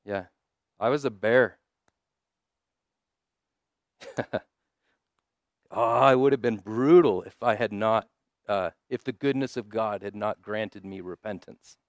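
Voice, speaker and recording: A man preaching a sermon at a conference in a conversational style, often asking "right?" and slowing down to stress key lines. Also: fairly low pitch, dry recording, studio quality.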